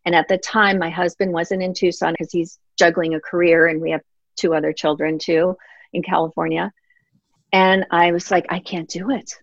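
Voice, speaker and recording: A woman's voice: fairly low pitch, level tone, normal speed, gravelly, dry recording. A middle-aged woman speaks as an author guest in a reflective interview. She is earnest and heartfelt, and she often acts out the words she said at earlier times. The recording is dry and a little dull, with no room sound. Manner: earnest and heartfelt, reenacts her own past words.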